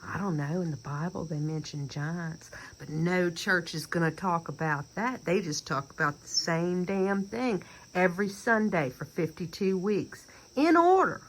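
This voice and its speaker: A woman's voice: on the low side, unhurried, a little hiss or hum, poor audio. A middle-aged woman with a Southern accent in an emphatic, rambling monologue that sometimes sinks to a near whisper. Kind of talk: personal monologue rant.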